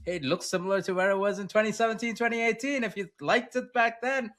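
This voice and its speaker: A man's voice: high-pitched, steady tone, quick pace, fairly bright tone. A man co-hosting a casual market-talk podcast, speaking conversationally and hedging his points. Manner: hedging, conversational, laughs along. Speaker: podcast co-host, macro strategist.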